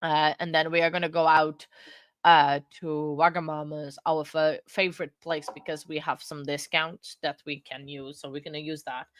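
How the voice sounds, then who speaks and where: Chatty woman with a lowish voice. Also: flat delivery, normal speed, fairly bright tone, no room sound. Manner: rambling, reads viewer comments aloud and chats back; chatty and self-deprecating. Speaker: livestream host. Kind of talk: casual livestream chat.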